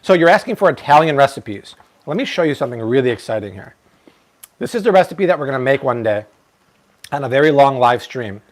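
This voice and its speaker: A man in his thirties hosting a live-stream cooking demo, chatty and energetic, now and then slipping into playful broken Spanish. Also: medium pitch, a little fast. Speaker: cooking show host.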